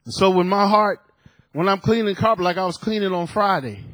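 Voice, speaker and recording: A man in his fifties preaching a sermon, emphatic, repeating his words and rising at times to shouts. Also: high voice, brisk, no room sound. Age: 50s.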